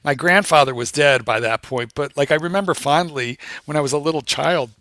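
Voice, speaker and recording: Swearing, animated storytelling man. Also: fairly high pitch, fairly quick. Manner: animated, swears freely, laughs a lot. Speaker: co-host. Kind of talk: casual livestream storytelling.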